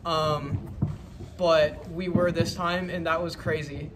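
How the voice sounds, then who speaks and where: Earnest teen boy, high voice. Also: fairly even intonation, noisy background. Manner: earnest, halting, with restarts. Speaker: choir member. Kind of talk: casual testimonial to camera.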